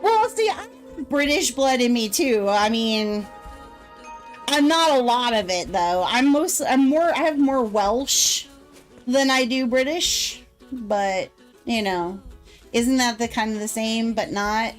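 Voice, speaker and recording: A woman's voice: fairly high pitch, animated, slow, soft background music. An American woman streamer chatting casually, rambling and giggling often between her remarks. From United States. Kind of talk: casual live-stream chat.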